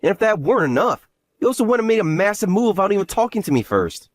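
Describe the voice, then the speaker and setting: A man's voice: high voice, big pitch swings, fast talker, dry recording, studio quality, soft background music. An actor voicing a scheming young man who scolds his sister in an exasperated way in a voiced story drama. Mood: angry.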